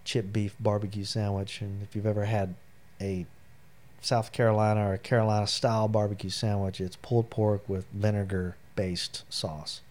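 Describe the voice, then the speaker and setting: A man's voice: on the low side, level tone, normal speed, a little mellow. A middle-aged man, a military veteran, telling personal stories as an interview guest in a rambling, heartfelt way with many fillers. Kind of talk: personal storytelling in a long interview.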